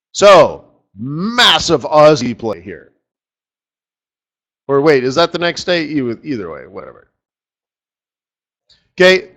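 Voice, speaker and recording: A man hosting a live trading session, chatty and excitable, breaking into lively exclamations. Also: high-pitched. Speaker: market strategist host. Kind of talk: live trading webinar commentary.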